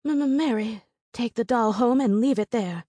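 A woman voicing a gentle village schoolteacher who stutters. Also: on the high side, moderate pace, no room sound, voice pushed up, close to an everyday voice. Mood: stammering.

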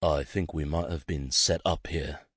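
A man's voice: extremely low pitch, fairly even intonation, a little slow, fairly bright tone, husky, no room sound, clean studio sound, heavily acted. A man voicing a confident, wry male detective who reassures his nervous friend. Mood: reassuring.

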